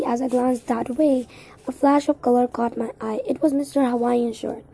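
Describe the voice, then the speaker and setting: A woman's voice: on the high side, fairly even intonation, moderate pace, warm tone, breathy edge, low-quality recording. A woman reading a mystery novel aloud in an unpolished way, with slips and restarts. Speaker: reader.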